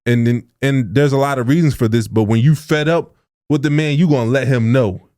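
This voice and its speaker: A man's voice: mid-range voice, fairly quick, mellow. Young adult man, podcast co-host; earnest, informal, a touch preachy. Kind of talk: casual podcast talk.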